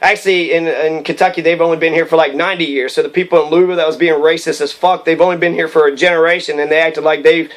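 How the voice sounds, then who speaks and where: A man's voice: fairly high pitch, steady tone, fast, few pauses, rough recording. A man rambling about history and ancestry, cursing often and circling back with fillers. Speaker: history commentator. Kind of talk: rambling profane commentary.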